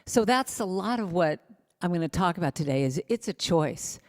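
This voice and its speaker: A woman's voice: lowish voice, animated, normal speed, darkish tone, in a large hall. A woman giving a spiritual talk as a guest speaker and musician at a spiritual center, telling personal stories and now and then singing short snippets. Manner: personal storytelling, breaks into sung snippets.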